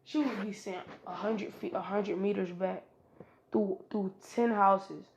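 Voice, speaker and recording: A woman tells a fan-made story in a loose, chatty way and talks straight to her viewers. Her voice is gravelly, with a middle pitch. She keeps the delivery casual throughout. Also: fairly even intonation, measured pace, a little mellow, a little hiss or hum. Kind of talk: casual fan-fiction narration.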